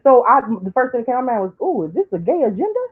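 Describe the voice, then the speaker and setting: A woman talking on a live stream in a preachy, emotional way, dropping low for asides and climbing high when she pleads. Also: big pitch swings, rapid-fire, breathy edge, soft background music. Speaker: online commentator. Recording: tinny phone-like line.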